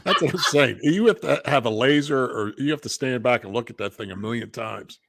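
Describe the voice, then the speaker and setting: A man hosting a casual chat about car builds, easygoing and quick to laugh. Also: mid-range voice, gravelly, fairly bright tone.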